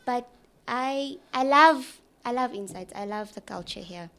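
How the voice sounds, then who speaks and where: A woman's voice: fairly high pitch, unhurried, a bit bright. A young woman intern chatting casually in a studio, emotional and giggly, rambling with restarts. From South Africa. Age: young adult. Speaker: departing intern.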